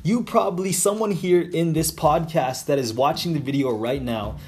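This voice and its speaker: A man's voice: on the high side, moderate pace, darkish tone. A man telling a motivational story about leadership, rambling and repetitive with sudden emphatic bursts. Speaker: motivational speaker.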